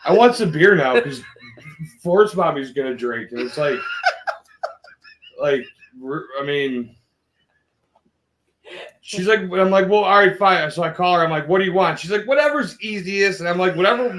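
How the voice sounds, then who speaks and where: A man with a slightly high voice co-hosting a laid-back podcast. He rambles through his stories, restarting sentences and quoting back and forth as he goes. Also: lively intonation, normal speed, long pauses, a bit bright, slight background noise. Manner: rambling, restarts mid-story. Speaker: podcast co-host. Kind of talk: casual chat.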